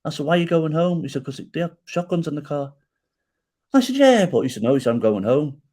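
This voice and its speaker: Animated middle-aged man telling a story. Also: a little high, quick pace. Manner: animated storyteller who acts out quoted dialogue and tags lines with "right?". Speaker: podcast guest. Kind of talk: storytelling in a podcast interview.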